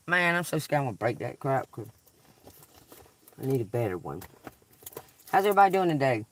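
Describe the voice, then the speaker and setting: A man's voice: medium pitch, sing-song, brisk, pauses often, background noise. A man giving a casual live-stream tarot reading outdoors, laid-back and rambling, often muttering under his breath. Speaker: tarot reader. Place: outdoors on a hot day.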